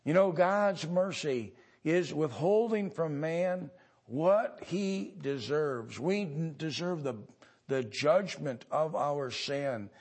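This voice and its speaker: A man from the United States delivering a sermon at an unhurried, deliberate pace. His voice sits fairly high for a man, and his speech is halting, full of pauses and filler sounds before he pushes into louder, emphatic lines. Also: expressive. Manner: builds to louder emphatic passages. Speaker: pastor.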